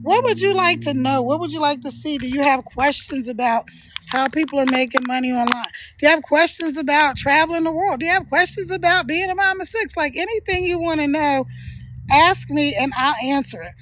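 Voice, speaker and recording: A woman's voice: high-pitched, fairly quick, fairly bright tone, a little hiss or hum. A middle-aged woman from Philadelphia chatting casually to viewers on a livestream, laughing often and encouraging them. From Philadelphia, USA. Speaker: live streamer.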